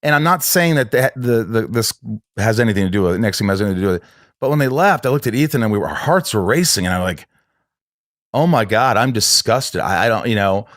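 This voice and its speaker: A man telling a long personal story in casual conversation, halting and restarting often. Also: lowish voice, big pitch swings, no room sound, clean studio sound. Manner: rambling, halting, with many restarts.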